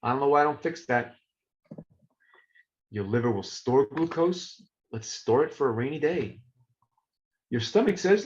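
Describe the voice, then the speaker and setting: A man teaching a live online lecture as a professor, playful and animated, talking to the chat. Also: normal speed. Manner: animated, playful, talks to chat, swings pitch. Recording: dull lo-fi stream audio.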